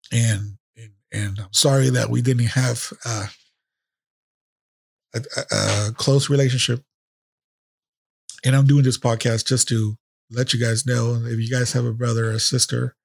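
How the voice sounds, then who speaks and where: A male podcast host speaks off the cuff, rambling and swearing raw emotion. His voice is gravelly and fairly flat in pitch. The close mic sounds dry, no room echo. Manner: emotional, profane, rambling with restarts. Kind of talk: casual unscripted podcast monologue.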